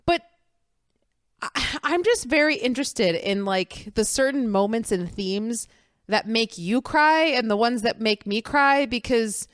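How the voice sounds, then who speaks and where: A young woman with a somewhat high voice chats about films on a podcast. She is giggly and talkative and keeps acting out her own reactions. The sound is close and dry. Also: lively intonation, unhurried, no echo. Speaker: podcast co-host. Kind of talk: casual film podcast chat.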